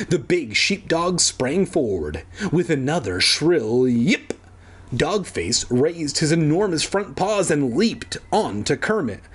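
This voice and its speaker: Husky man reading a storybook aloud. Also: fairly high pitch. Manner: irreverent, swears in offhand asides. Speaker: reader. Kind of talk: casual storybook reading with asides. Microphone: home recording, edited later.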